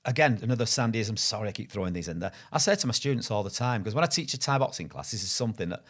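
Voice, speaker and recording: A man's voice: lowish voice, expressive, very fast. A middle-aged man, a martial arts instructor and guest, telling stories in casual conversation, chatty and rambling, often correcting himself. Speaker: guest, Thai boxing instructor.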